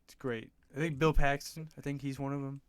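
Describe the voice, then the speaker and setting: A man's voice: mid-range voice, level tone, fairly quick, smooth. A young man co-hosting a podcast in casual chat, blunt and dismissive, swearing freely. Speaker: podcast co-host.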